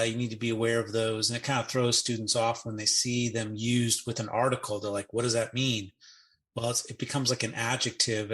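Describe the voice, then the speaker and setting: A man co-hosting a podcast, explaining grammar in casual chat. He spells out forms slowly and drops in playful asides. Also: medium pitch, a bit bright. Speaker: Greek grammar podcast co-host. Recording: podcast audio.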